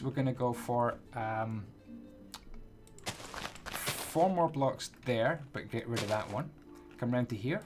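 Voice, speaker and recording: Chatty man narrating a block build. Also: mid-range voice. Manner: chatty, playful, counts blocks aloud. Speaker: Minecraft builder and tutorial host. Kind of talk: casual build tutorial commentary. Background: background music.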